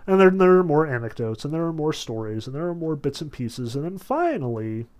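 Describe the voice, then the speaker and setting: A man casually lecturing on a novel, explaining its scenes in a relaxed way with many fillers. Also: a little high, brisk. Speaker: literature lecturer.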